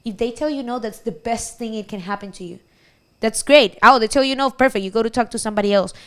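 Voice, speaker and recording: Woman panelist, high smooth voice, animated live storytelling. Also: quick pace. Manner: animated, acts out quotes. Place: event hall.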